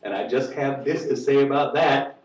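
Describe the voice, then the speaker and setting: A man's voice: mid-range voice, moderate pace, highs cut off. A man reading a comic story aloud to a live audience, wry and profane, acting out the voices. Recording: echoey room, distant mic, faint noise.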